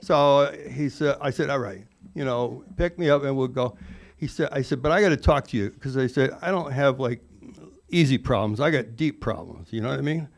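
A man in his forties, speaking about recovery, tells a rambling, self-mocking story of his own journey, peppered with "you know" asides. His mid-range voice moves at a moderate pace with vocal fry.

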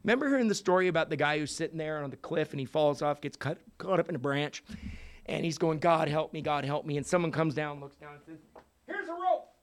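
A man in his sixties telling a story at a recovery meeting, animated and profane, swinging from hushed asides to loud outbursts. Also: on the high side, fast talker, clean tone. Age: 60s. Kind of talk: storytelling talk.

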